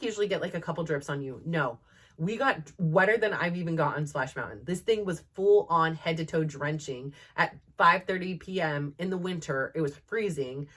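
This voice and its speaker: A woman in her thirties with a slightly low voice chats through a casual storytelling monologue. She rambles and fills her sentences with "like" and "um", and she laughs often as she talks. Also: a bit bright. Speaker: podcast host.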